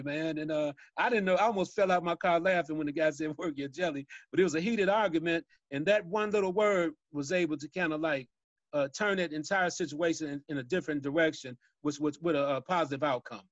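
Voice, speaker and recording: Speaking as a guest on a webinar about violence prevention, this Chicago man spins street stories folksily, laughing at them as he goes. He talks briskly in a slightly high voice, and the video call audio is dry and dull with no room sound.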